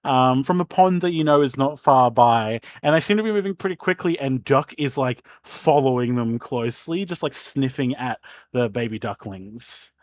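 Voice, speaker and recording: Lively-voiced man running a tabletop game. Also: mid-range voice, normal speed, few pauses, no echo. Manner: rambling, filler-heavy. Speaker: game master.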